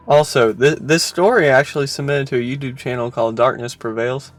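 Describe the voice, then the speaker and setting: Guy hosting a laid-back podcast, mid-pitched voice, chatty and laughs a lot, hams up his spooky stories. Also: moderate pace. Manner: chatty, laughs often, theatrical storytelling. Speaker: podcast host. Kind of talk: casual chat and storytelling.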